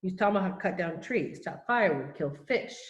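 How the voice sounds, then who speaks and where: A woman voicing a proud, demanding adult male chief who speaks in slow, clipped broken phrases, in an echoey room. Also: on the low side, animated, highs cut off, lightly acted.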